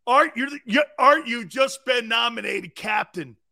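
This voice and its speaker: Loud middle-aged sports show guy, kinda high and gravelly, laughs a lot, yells and does mocking voices. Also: a little slow. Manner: boisterous, laughing, shouting, mocking impressions. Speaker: sports talk show host. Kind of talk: loud live-stream sports talk.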